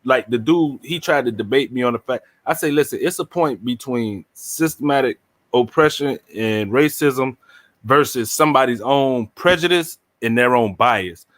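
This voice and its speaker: A man talking through a casual debate, his voice sitting at an ordinary middle pitch. He is blunt and emphatic and swears freely as he argues. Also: normal speed.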